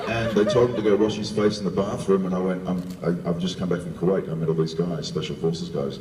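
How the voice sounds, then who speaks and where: Deep-voiced New man in a hall. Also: quick pace, few pauses, over a noisy crowd. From New Zealand. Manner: animated storytelling, laughing along. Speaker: panel guest actor. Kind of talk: convention panel anecdote. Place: large convention hall. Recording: echoey hall, distant mic, faint hiss.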